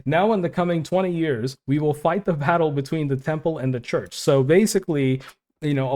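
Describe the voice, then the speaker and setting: A man's voice: medium pitch, darkish tone. A man giving casual, impassioned commentary, reading quotes aloud and reacting to them informally. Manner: passionate, informal, interjects with "man" and "dude". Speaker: online Christian commentator.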